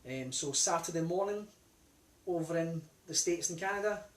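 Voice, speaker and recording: A man's voice: on the high side, normal speed. A man in his forties, a line dance instructor with a British accent, calling steps in a raised sing-song voice and then chatting, out of breath. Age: 40s. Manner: chatty and relaxed between dances. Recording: distant mic in an echoey room. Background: music playing.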